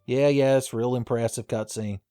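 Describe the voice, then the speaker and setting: A man's voice: medium pitch, steady tone, moderate pace, dark tone, smooth, dry recording, soft background music. A man giving joking, profane let's-play commentary while he plays, with a lot of laughter. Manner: joking, swearing, frequent laughs. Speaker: gaming video host.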